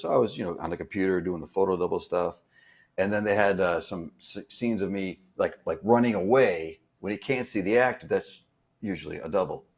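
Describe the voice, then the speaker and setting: A man with a fairly low voice tells anecdotes from a film set in a relaxed interview. He talks in a rambling way, full of fillers and restarts. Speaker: guest, stunt performer. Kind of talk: casual storytelling interview.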